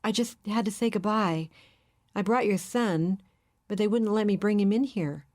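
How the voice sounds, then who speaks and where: A woman's voice: mid-range voice, moderate pace, a little mellow, voice pushed up, close to an everyday voice. A woman voicing an anxious young mother who pleads in a raised, strained voice.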